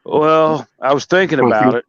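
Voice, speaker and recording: A man's voice: on the high side, normal speed, fairly bright tone, no echo. Laid-back guy calling in, muffled dry line, just chatting. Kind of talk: casual chat.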